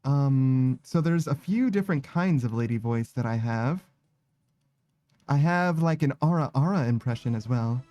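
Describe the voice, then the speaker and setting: A man's voice: medium pitch, mellow. A man casually chatting with viewers while he plays a game, rambling, self-conscious and laughing often. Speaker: streamer.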